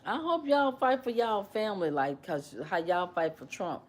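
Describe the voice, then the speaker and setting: A woman hosting a casual livestream, animated and repetitive as she questions and mimics her commenters. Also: mid-range voice, moderate pace. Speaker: livestream host.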